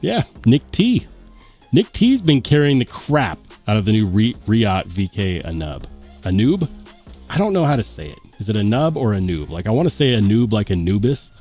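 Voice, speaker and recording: Man, livestream host, low voice, lively pitch swings, faint music underneath. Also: normal speed. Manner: lively, chatty, muses aloud. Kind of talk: casual livestream chat reading comments.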